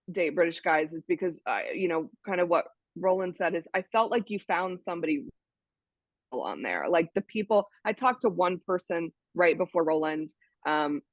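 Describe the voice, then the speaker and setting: An American woman with a lowish voice chats casually as a guest on an interview, a dating site member telling stories over a video call and restarting often. The recording is dull, dry and lo-fi, with no room sound.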